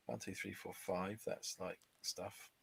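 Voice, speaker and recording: A man's voice: low voice, fairly even intonation, measured pace, vocal fry, a little hiss or hum. A British man co-hosting a live tabletop dice game, joking with his opponent and counting dice aloud. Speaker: game show co-host. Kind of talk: casual live game commentary.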